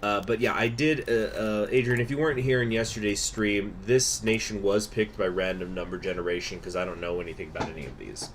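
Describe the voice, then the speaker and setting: A man with a lowish voice streaming a strategy game, chatting loosely with his viewers and filling pauses with little "uh"s. A faint hum sits under his voice. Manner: chatty, answers chat, many fillers. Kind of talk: casual live-stream gameplay commentary.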